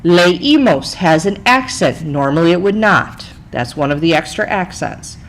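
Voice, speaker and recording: A woman's voice: fairly low pitch, animated, measured pace, poor audio. A woman Spanish teacher narrating a recorded slide lesson, chatty, explaining step by step and checking in with "okay?".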